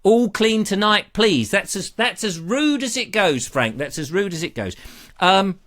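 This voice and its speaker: A man's voice: high-pitched, very animated, measured pace, fairly bright tone. An English man hosting a live online show from a back room at home, chatting casually and rambling through jokey stories and viewer comments. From England. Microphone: camera.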